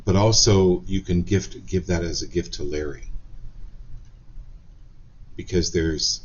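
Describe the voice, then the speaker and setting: A man hosting a live-stream card reading, talking gently and encouragingly with frequent ums and restarts. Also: deep voice, takes it slowly, lo-fi sound, slight background noise. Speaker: psychic card reader.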